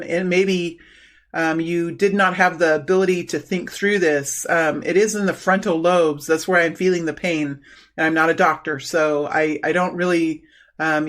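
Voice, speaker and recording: Brief halting, soft-spoken middle-aged woman tarot reader. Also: lowish voice. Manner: slow, halting, many fillers and restarts. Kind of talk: intuitive tarot reading.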